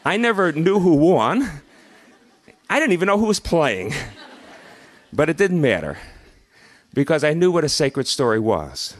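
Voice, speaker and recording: Guy telling a story live on stage, kinda high voice, gets real animated doing the kids yelling. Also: unhurried, long pauses. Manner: animated, acts out children's shouts. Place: festival stage with live audience.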